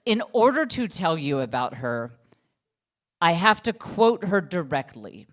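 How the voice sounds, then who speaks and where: Animated middle-aged woman doing stand-up. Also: lowish voice, unhurried. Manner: animated, self-deprecating storytelling. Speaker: stand-up comedian. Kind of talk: stand-up comedy set.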